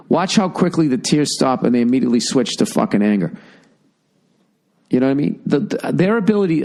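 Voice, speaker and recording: A man's voice: on the high side, darkish tone. A middle-aged man from the United States hosting a podcast, answering listener mail in a blunt, profane, rambling rant. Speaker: podcast host. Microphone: podcast mic.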